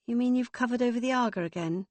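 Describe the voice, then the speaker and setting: A guarded grown daughter who weighs each word, as a woman reading an audiobook plays her. The voice sits a little higher than the narration, measured and restrained, recorded close and dry. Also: a little mellow, no echo, natural voice. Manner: careful, restrained. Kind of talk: audiobook character voice.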